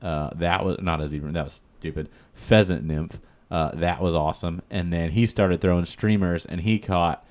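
A man's voice: low-pitched, fairly even intonation, normal speed, hardly any pauses, darkish tone. A man casually telling a rambling fishing story in a chat, full of fillers and quoted dialogue.

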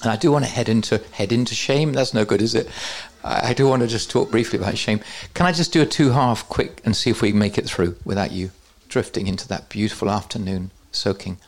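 A man's voice: on the low side, brisk, few pauses. A man teaching at a church conference, with joking, self-deprecating asides to the audience. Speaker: preacher.

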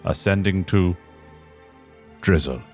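Brief: a man playing a low, mock-solemn British forecaster, slow deadpan reading, faint music. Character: mock British shipping forecaster, droll and rambling.

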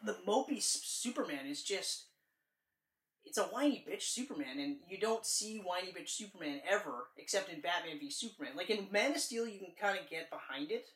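A man co-hosting a casual movie podcast, rambling and animated, swearing freely as he talks. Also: high voice, brisk. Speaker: podcast co-host. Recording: roomy, distant from the mic.

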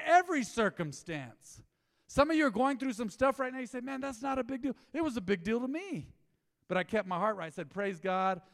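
A man preaching a sermon in his church, telling a story with lively swings between loud exclaims and hushed asides. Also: sits high, big-room sound. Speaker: pastor. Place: church sanctuary.

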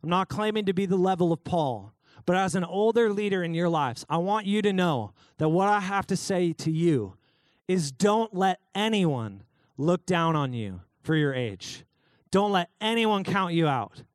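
A man's voice: sits high, animated, moderate pace, dry recording, studio quality. A young adult man preaching a casual, joking youth sermon, calling out listeners by name. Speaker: youth pastor.

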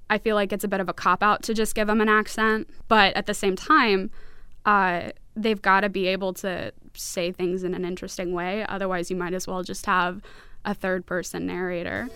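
A woman's voice: medium pitch, a bit bright, clear, resonant tone. A woman author from New York, reading her short story aloud and reflecting on her writing in a casual, thoughtful way. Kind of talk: reading and discussing her fiction.

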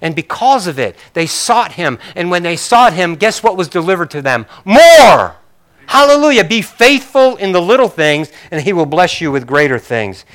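A man's voice: on the high side, lively intonation, normal speed, few pauses, a bit bright. A male pastor preaching a sermon in a conversational way, with joking, apologetic asides to his congregation.

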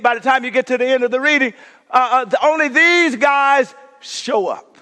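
A male pastor preaches with a high, bright, ringing voice, taking his time and leaning on each phrase. He calls the congregation to answer back and sinks to a near whisper for emphasis. His words echo with a long reverb through a large hall. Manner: call-and-response preaching, drops to a hush for emphasis. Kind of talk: sermon.

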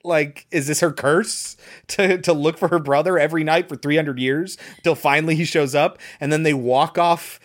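A man's voice: fairly high pitch, normal speed. A man co-hosting a podcast, casually recapping a movie and sharing behind-the-scenes trivia. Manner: relaxed, chatty, shares trivia with fillers. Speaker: podcast co-host.

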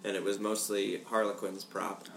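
A man with a low, gravelly voice, explaining trivia in detail as a contestant in a casual quiz. The room adds a clear echo, with faint noise behind him. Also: little pitch movement, moderate pace. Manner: knowledgeable, explanatory. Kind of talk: casual chat.

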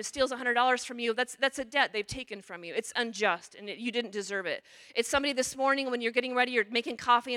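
Brief: chatty nun preaching a parish mission, bright voice, dry close sound. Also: female voice, fairly high pitch, dry recording. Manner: chatty, checks in with "okay?" and "you know". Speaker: religious sister giving parish mission talk. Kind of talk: conversational sermon.

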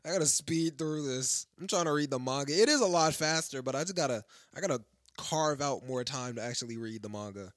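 A man's voice: medium pitch, brisk, hardly any pauses, a bit bright, no echo, clean studio sound. A young man chatting casually among friends, in laid-back slang with frequent restarts. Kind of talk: casual chat.

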